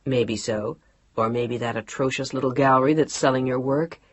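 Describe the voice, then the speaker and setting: A woman voicing a young, pregnant, independent woman in an audiobook, with a playful, bright way of talking. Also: a bass voice, fairly even intonation, moderate pace, slightly rough, muffled recording, pitched below the performer's own voice. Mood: teasing.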